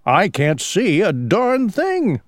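A woman voicing an old, creaky, fretful elephant king in a storybook who whines and complains. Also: medium pitch, huge pitch swings, slow, no room sound, clean studio sound, voice pushed up. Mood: grumbling. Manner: whiny, complaining cries.

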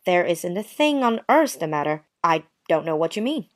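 A woman's voice: fairly low pitch, sing-song, moderate pace. A woman voicing a touchy, prim young woman who answers with sarcastic, wounded politeness in a dramatized story. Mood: offended. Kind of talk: dramatized short story reading.

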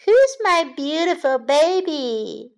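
A woman voicing a tired but gentle mother rabbit, speaking softly in a soothing, sing-song way. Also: high-pitched, big pitch swings, slow, pitched above the performer's own voice, heavily acted. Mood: tender.

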